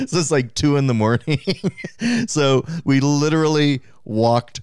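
A man's voice: on the high side, unhurried, smooth, no room sound, studio quality. A man co-hosting a podcast in casual chat, telling stories and laughing often. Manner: laughs often, lively storytelling. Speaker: podcast co-host.

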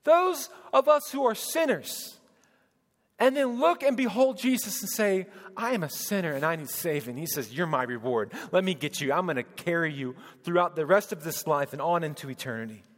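A man preaching a sermon as pastor, swinging between loud proclaiming and hushed, tender speech. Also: a little high, expressive, normal speed. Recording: long hall reverb.

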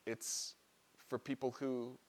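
A man's voice: medium pitch, flat delivery, slow pace. A man preaching a sermon, explaining a Bible passage in an earnest, teaching manner and lifting his voice on key phrases.

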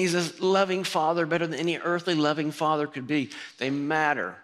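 A man's voice: medium pitch, a bit bright. A man preaching, telling a personal story in a conversational sermon style with quoted voices. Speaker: pastor.

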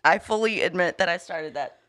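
A woman's voice: on the low side, fairly quick, fairly bright tone, dry recording, studio quality. A woman co-hosting a podcast in casual chat, laughing often. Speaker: podcast co-host.

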